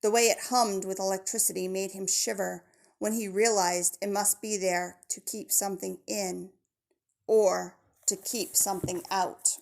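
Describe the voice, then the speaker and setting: Gravelly woman narrating a novel. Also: mid-range voice, fairly even intonation, measured pace, darkish tone. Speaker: audiobook narrator. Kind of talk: scripted narration of a children's novel.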